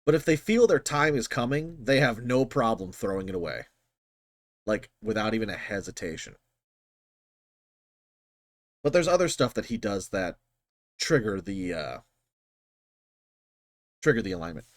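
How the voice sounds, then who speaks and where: A man's voice: lowish voice, normal speed, long pauses, dry recording. A man hosting his channel, talking through a film scene in casual, rambling commentary with frequent swearing. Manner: rambling, profane, animated. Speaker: channel host.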